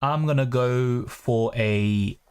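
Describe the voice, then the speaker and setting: A young man hosting a live question-and-answer stream, chatting quickly and reading out viewer comments. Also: medium pitch, a little mellow, smooth. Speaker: fantasy football streamer.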